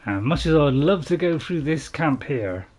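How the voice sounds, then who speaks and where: A man's voice: a little high, animated, normal speed, a little mellow. A man with a Northern English accent, chatting casually and rambling while streaming a game to viewers. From North England. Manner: chatty, rambling, laughs at his own jokes. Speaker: gaming streamer. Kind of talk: casual gameplay live stream.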